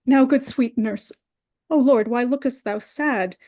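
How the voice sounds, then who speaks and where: A woman reads the part of a lovesick young girl who pleads impatiently, her lines climbing with urgency as she begs for news. Her voice sits a little high, with a dark tone and a measured pace, and the light acting gives it the feel of a Shakespeare reading.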